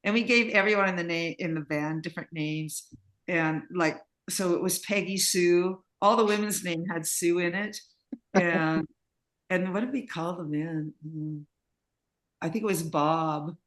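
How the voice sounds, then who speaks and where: A woman's voice: lowish voice, a little slow. A woman interviewee telling rambling stories in casual chat, laughing often, over a video call. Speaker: interviewee, singer and composer.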